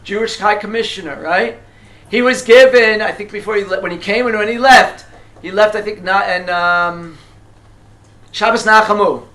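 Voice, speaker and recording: Bright and forceful in a higher register, this tour guide walks a small group through history in a casual lecture, peppering them with questions and stumbling over plenty of fillers and restarts in a reverberant space.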